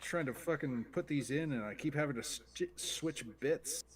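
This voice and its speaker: A man's voice: on the high side, normal speed. A man on a livestream, talking offhandedly and grumbling while he builds a model kit. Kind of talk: casual chat on a livestream.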